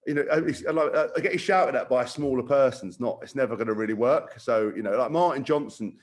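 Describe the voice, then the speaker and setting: A man co-hosting a podcast, telling stories in casual chat, animated and sweary. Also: medium pitch, fast. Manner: animated, swearing, acting out quotes. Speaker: podcast co-host.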